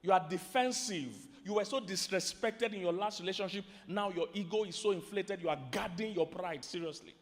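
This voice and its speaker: Nigerian guy preaching, pretty high voice, lively, lots of questions at the crowd, echoing hall. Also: brisk, few pauses, faint music behind. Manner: animated preaching, quizzes the audience. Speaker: pastor and relationship teacher. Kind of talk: sermon. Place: large hall with a live audience. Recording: long hall reverb.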